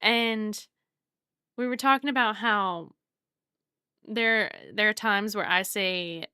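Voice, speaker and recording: A woman's voice: mid-range voice, takes it slowly, pauses often, bright, forceful tone, clear, resonant tone, no room sound, studio quality. A woman from the Southern United States, chatting casually while she draws on a live stream. She rambles and often laughs. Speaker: art streamer.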